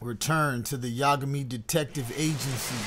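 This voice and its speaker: A man's voice: medium pitch, fairly even intonation, moderate pace, background noise. A man streaming gameplay, riffing and singing goofy lines along with the game's dialogue. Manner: goofy, riffs and sings along with the game dialogue. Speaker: gaming streamer. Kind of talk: live gameplay commentary. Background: game music.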